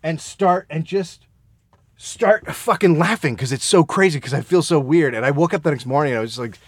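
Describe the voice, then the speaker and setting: A man's voice: a little high, fairly quick, slightly rough, no echo, clean studio sound. A man telling a comic story in casual chat, laughing and swearing as he goes. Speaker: podcast co-host.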